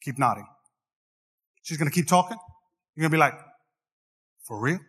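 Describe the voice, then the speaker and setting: A pastor with a fairly high, fairly bright voice preaches a sermon at a brisk pace. He jokes with the crowd and swings into singsong rises. A long hall reverb surrounds his voice.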